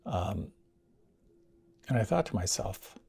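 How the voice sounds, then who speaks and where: An older man, a meditation teacher, recounting his experiences in a reflective storytelling talk, swinging between near whispers and lively bursts. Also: fairly low pitch, slow, gravelly, breathy edge. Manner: animated, drops to near whispers and rises again.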